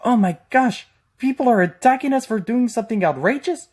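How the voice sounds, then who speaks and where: A man's voice: high-pitched, animated, fast, darkish tone. A man from Texas giving mocking, sarcastic reaction commentary with frequent profanity. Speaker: commentary channel host.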